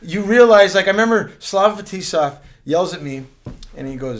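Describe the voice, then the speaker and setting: A man with a slightly high voice spins locker-room stories in a loose, casual chat. He swears freely and breaks into laughter often. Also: expressive, moderate pace. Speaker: podcast host, former hockey player.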